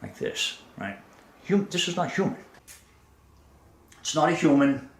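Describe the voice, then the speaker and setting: A man's voice: fairly high pitch, unhurried, heavy background noise. A man giving an earnest, analytical explanatory talk as a presenter. He restarts his phrases and checks in with "right?". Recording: roomy echo.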